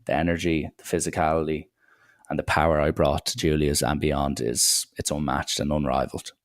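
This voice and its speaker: A man's voice: extremely low pitch, little pitch movement, brisk, no room sound, studio quality. A young man hosting a solo podcast, rambling through irreverent banter with plenty of swearing. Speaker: podcast host.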